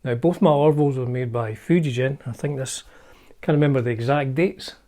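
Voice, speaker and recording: Brisk and warm, this mid-range Scottish voice belongs to a channel host showing off his guitar collection. His casual show-and-tell vlog is chatty and wry, with frequent hedging about the facts he shares.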